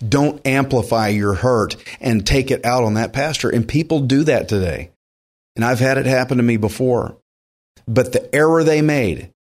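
Earnest man preaching a verse-by-verse sermon. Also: medium pitch. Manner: earnest, emphatic, with frequent restarts. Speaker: pastor.

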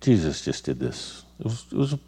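A man's voice: low voice, sing-song, fairly quick, dark tone, husky. A male pastor speaking earnestly in a sermon, often repeating words as he gathers his thoughts.

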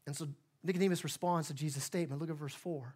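A man's voice: fairly high pitch, fairly even intonation, fast, a little mellow, breathy edge. A male pastor giving a sermon in church, in a conversational way that keeps acting out the people in the story. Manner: conversational, plays out dialogue in voices.

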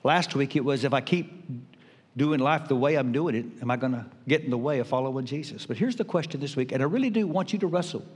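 An older man preaching a sermon as pastor, emphatic with dramatic pauses. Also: medium pitch, lively intonation, slightly rough. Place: church sanctuary. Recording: reverberant church hall.

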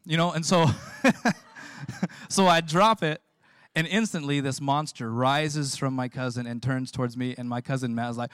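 A man preaching a sermon as the pastor, telling lively stories and laughing as he goes. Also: mid-range voice, moderate pace, smooth, no room sound. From California. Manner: storytelling, animated, laughs often.

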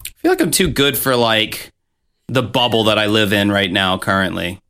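A man's voice: lowish voice, sing-song, moderate pace, sharp tone, clean tone. A man hosting a podcast, chatting casually and joking around in a rambling way. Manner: joking, rambling, playful put-on voices. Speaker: podcast host.

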